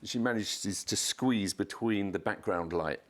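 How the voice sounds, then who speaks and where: Deep-voiced guy spinning a crazy story, swears a lot, does the voices higher. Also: a little slow. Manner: animated storyteller, swears, acts out quotes in a raised voice. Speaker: podcast guest, photographer. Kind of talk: casual anecdote telling.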